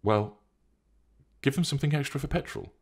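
A man's voice: medium pitch, moderate pace, husky, pitched above the performer's own voice, lightly acted. A man voicing a petulant young woman who insists and pleads for drugs. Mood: wheedling.

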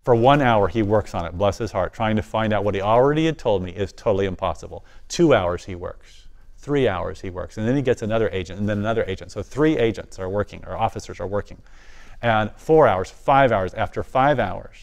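A man giving a personal testimony as a guest speaker, animated and often dropping his voice low for the quiet moments. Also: a little fast, gravelly.

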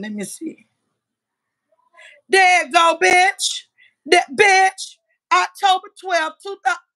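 A woman's voice: high-pitched, pushed and bright. A woman in her fifties on a livestream, delivering a combative, profane rant into a phone mic. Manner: profane, combative, trash-talking.

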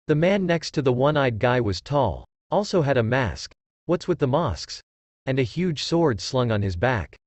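A man reads a fan story aloud in a casual, animated way, his pitch moving a lot around a mid-range voice. The recording is dry and close with no room sound. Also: no room sound. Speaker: narrator.

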